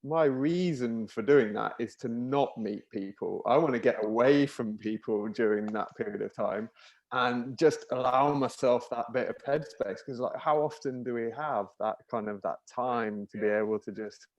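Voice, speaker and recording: A man's voice: mid-range voice, normal speed. Casual rambling man on a panel. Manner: casual, rambling, many fillers. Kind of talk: online panel debate.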